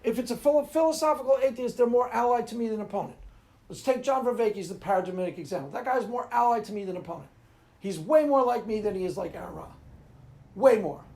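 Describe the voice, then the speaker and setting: A man's voice: very high voice, lively intonation, fast talker, mellow. Man rambling through a casual rant. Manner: rambling, laughs at his own jokes. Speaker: video host. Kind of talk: casual ranting monologue.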